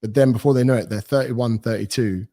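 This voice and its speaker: A man's voice: mid-range voice, fairly quick. A British man in his thirties, a personal trainer talking as a podcast guest, telling stories and acting out quoted dialogue. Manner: animated storyteller, acts out quoted dialogue. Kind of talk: casual podcast interview.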